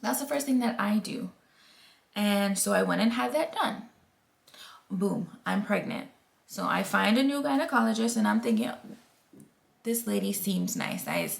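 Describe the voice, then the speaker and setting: A vlogger in her thirties, with a creaky voice on the high side, tells a personal story to camera. She's casual, candid and emphatic, acting out the voices of people she quotes.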